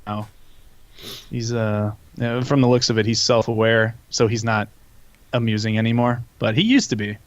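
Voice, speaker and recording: A man's voice: on the low side, steady tone, normal speed. Rambling, swearing young man on a lo-fi mic. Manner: rambling and profane, with many restarts. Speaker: podcast host. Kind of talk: casual chat.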